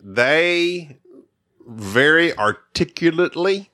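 A man co-hosting a podcast, chatting casually about board games in an animated way and laughing often. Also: on the high side, slow pace. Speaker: podcast co-host.

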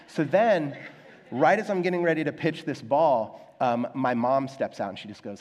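A man's voice: medium pitch, animated, brisk. Man preaching a casual sermon in a reverberant hall. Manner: conversational and self-deprecating, acts out quoted voices. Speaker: pastor. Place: church sanctuary.

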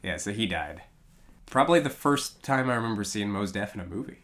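Low-voiced laid-back podcast man. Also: animated, fairly quick, fairly bright tone. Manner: laid-back, lots of "yeah" and "uh" fillers. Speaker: podcast co-host. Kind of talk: casual movie podcast chat.

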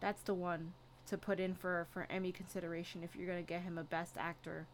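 A woman co-hosting a podcast, chatty and giggly and quick to laugh at herself. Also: fairly low pitch, flat delivery, a little hiss or hum. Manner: chatty, giggly, self-mocking. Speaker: podcast co-host. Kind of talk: casual chat.

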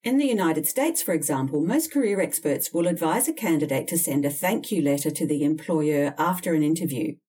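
A woman's voice: low voice, lively intonation, a little fast, few pauses, warm tone, slightly rough, distant mic. A woman coaching people on job interviews, giving direct, emphatic, candid advice in an instructional talk. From Australia.

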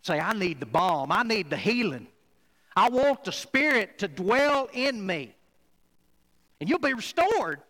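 A man preaching a sermon to a church, emphatic, swinging between loud and quiet passages. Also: high voice, sing-song, unhurried, rough recording. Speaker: pastor.

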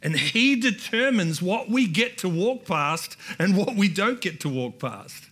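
A man's voice: high voice, very animated, unhurried, a bit bright, slightly rough. A man with an Australian accent preaching a sermon in church, building to emphatic repeated lines and calling out to the congregation. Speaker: pastor. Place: church hall.

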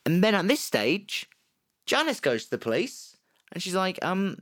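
Telling a true-crime tale on a podcast, this male co-host speaks at medium pitch in a casual, animated way. He jokes around and briefly puts on quick voices.

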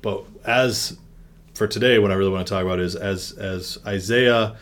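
A man with a very low voice leads a church devotion. He reads the passage with lifting emphasis, then talks it through in a loose, conversational way with small fillers. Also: steady tone, normal speed, fairly bright tone. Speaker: vicar leading a devotion. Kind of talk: Bible reading and devotional discussion.

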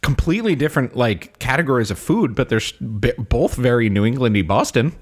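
Podcast co-host, male, casual and jokey, lively pitch, laughs a lot. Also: a little fast. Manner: playful, joking, laughs often. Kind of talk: casual chat.

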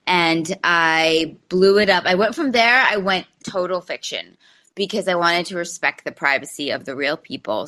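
A woman author speaking as a podcast guest, telling a story in a lively, amused way in casual conversation. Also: lowish voice. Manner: animated storytelling, amused by the anecdote. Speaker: novelist guest. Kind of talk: casual podcast interview chat.

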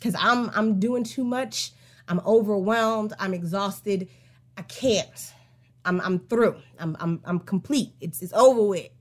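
A woman hosting a casual song breakdown, talking emphatically with plenty of swearing. She moves between heated rants and slow, drawn-out musing. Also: medium pitch, darkish tone. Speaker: podcast host.

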